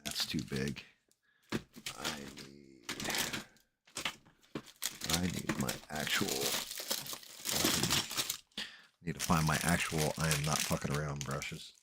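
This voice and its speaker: A man's voice: very deep voice, takes it slowly, pauses often, very noisy. A man hosting a livestream, chatting casually while he paints, swearing freely and muttering to himself as he works. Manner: relaxed, rambling storytelling. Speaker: livestream host.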